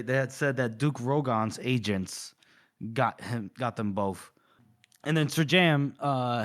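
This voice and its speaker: A man co-hosting a podcast, casually retelling a novel's scenes with lots of fillers and quick quoted lines. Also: medium pitch. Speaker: podcast co-host. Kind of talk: casual book-discussion chat, retelling scenes.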